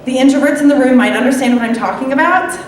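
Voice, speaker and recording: A woman's voice: high-pitched, fast talker, slight background noise. Woman preaching in an echoey hall. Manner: conversational, wry asides. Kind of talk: sermon. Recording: echoey hall, mic far off.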